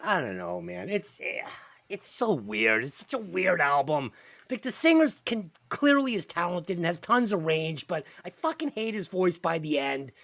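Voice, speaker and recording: Male host, high and very lively voice, swears freely, dry close recording. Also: normal speed, no room sound. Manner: animated, profane, quizzing the others. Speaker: podcast host. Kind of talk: casual chat.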